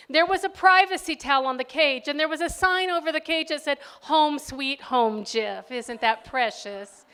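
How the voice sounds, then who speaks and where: An older woman, a grandmother, giving a faith talk built around a personal story, dropping to soft tones and then rising loud and lively. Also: high voice, clear, resonant tone. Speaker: speaker.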